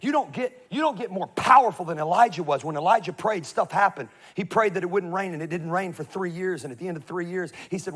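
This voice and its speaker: A middle-aged male pastor preaching a humorous sermon, swinging from hushed confession to shouted scripture readings. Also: high voice, fast talker, few pauses, husky.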